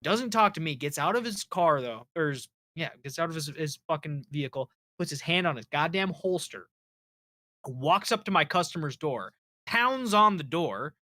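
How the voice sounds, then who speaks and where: A man co-hosting a casual live stream, telling work anecdotes in an animated way and swearing freely. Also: on the high side, normal speed. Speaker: co-host.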